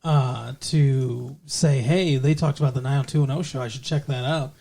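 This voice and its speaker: A man's voice: medium pitch, steady tone, normal speed, vocal fry, warm tone. A man co-hosting a podcast in casual chat, joking and rambling. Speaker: podcast co-host.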